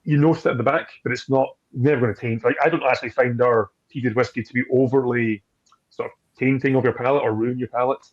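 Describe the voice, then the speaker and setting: A man chatting on a video call about his work, loose and friendly, tripping over his own restarts and laughing often. His voice sits at an ordinary middle pitch. The call audio sounds a little dull. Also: fairly even intonation, fast talker. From Scotland. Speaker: distillery trade guest. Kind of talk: casual chat on a video call.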